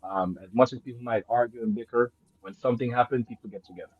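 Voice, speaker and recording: A man who grew up in Jamaica, telling a story in casual chat, swinging between loud excited bursts and low murmurs, laughing and swearing often. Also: fast, breathy edge, no room sound, muffled recording. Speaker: guest.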